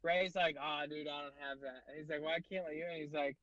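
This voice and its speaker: A man's voice: fairly high pitch, steady tone, brisk, fairly bright tone, muffled recording. A man, a guest comedian, telling rambling stories in casual podcast chat, full of fillers and swearing.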